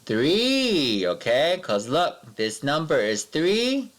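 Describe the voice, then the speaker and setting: A man's voice: fairly high pitch, wildly swooping pitch, fairly bright tone. Sing-song man teaching young children. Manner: patient, sing-song, drawn-out counting with pupils. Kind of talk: remote math lesson for young children.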